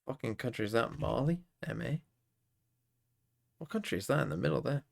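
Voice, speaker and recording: A man's voice: mid-range voice, animated, fairly quick, vocal fry. A young man streaming live, muttering and swearing his way through geography quiz guesses. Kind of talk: casual live-stream commentary while playing quiz games.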